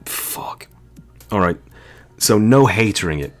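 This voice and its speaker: Deep-voiced guy, joking game commentary. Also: expressive, normal speed, soft background music. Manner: joking, crude and rambling. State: dry, sore throat. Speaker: game streamer. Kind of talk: casual let's-play commentary.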